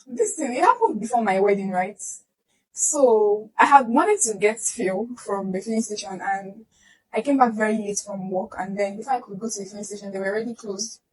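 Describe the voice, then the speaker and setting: A woman's voice: mid-range voice, normal speed, rough recording. A young Nigerian woman telling a personal story to camera, acting out the voices of the people in it. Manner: animated, acts out voices in the retelling.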